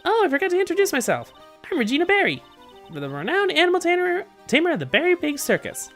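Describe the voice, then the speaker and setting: A woman doing a high, sing-song circus tamer. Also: wildly swooping pitch, quick pace, a bit bright, soft background music, exaggerated voice. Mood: giddy. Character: airy young woman animal tamer, naive and carefree.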